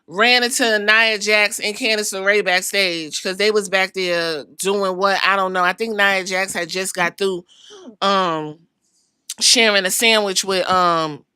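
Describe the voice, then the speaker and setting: A woman's voice: mid-range voice, steady tone, unhurried, sharp tone, clear, resonant tone, no echo, studio quality. A woman hosting a podcast, recapping wrestling in a sassy, profane storytelling way and acting out what the wrestlers said. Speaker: podcast host.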